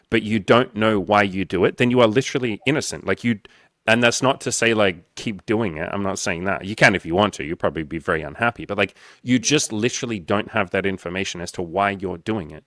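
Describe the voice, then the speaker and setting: A man's voice: fairly low pitch, fairly bright tone, dry recording, studio quality. A man hosting a casual podcast chat as a dating coach, explaining earnestly and acting out the self-talk people use.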